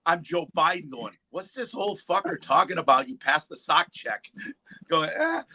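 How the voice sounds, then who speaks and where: A man's voice: a little high, normal speed, a little hiss or hum, rough recording. A man telling stories in casual chat on a livestream, acting out what people said, swearing freely. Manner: animated storyteller, acts out quotes, profane. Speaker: livestream panelist. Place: home in the East Coast.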